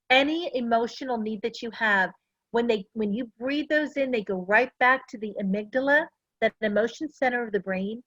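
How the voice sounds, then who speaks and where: A woman's voice: a little high, no room sound, muffled recording. A middle-aged woman giving a casual, earnest talk to a class, full of personal stories. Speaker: essential oils presenter.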